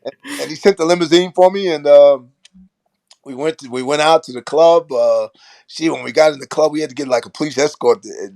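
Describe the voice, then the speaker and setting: An older man from Brooklyn, New York, a former basketball player and coach, telling animated stories in a casual interview and often acting out what people said. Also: a little high, brisk, creaky, no room sound. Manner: animated storyteller who acts out quoted lines and laughs often.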